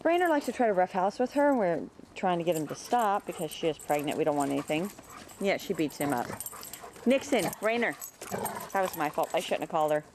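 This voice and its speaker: A woman talking casually about her dogs in her yard, chatting away and calling to them in a high sing-song. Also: animated, fast, a little mellow, slight background noise. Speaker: dog breeder. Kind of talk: casual home video narration.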